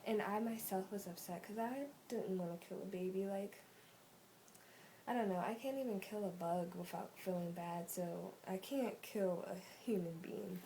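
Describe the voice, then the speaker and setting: A teenage girl chatting straight into her phone camera in a loose storytime vlog, full of "like" and "um" fillers. Her voice is mellow and sits at an ordinary pitch for a young woman. Faint noise hums under the recording. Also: normal speed, rough recording. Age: teens. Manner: rambling, many "like" and "um" fillers. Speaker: vlogger.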